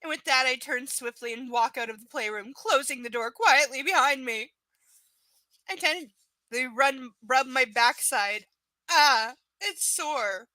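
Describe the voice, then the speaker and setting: A woman with a high, sharp voice reads a book aloud and keeps cutting in with scornful, swearing commentary. The sound is close and dry, with no room around her. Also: a little slow, dry recording. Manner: sarcastic, profane, exasperated asides. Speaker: live book reader. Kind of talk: live reading with ranting commentary.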